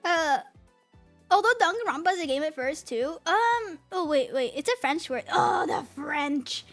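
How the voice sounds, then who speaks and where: A woman's voice: high voice, animated, unhurried, soft background music. An American woman in her thirties, a VTuber rambling and ranting in a casual stream, giggling often. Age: 30s.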